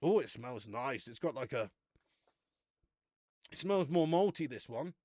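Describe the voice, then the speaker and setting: A man's voice: mid-range voice, lively intonation, a little slow, a little mellow, no echo, clean studio sound. Chatty male live-stream beer reviewer. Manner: chatty, laughs often, calls viewers mate. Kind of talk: casual live-stream chat.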